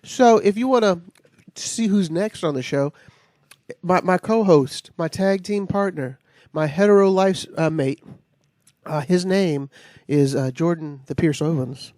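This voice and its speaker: A man co-hosting a casual podcast, rambling and halting with fillers and restarts. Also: sits high, darkish tone, no room sound, studio quality. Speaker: co-host.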